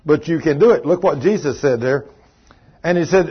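A man's voice: fairly high pitch, lively intonation, moderate pace, breathy edge, highs cut off. A man preaching a fervent sermon in a church, mixing stories with scripture reading. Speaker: pastor.

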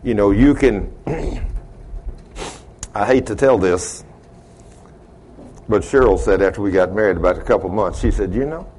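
A man preaching a sermon in a folksy storytelling way, laughing at his own stories and swinging between loud and hushed. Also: on the low side, a little slow, pauses often, a little hiss or hum.

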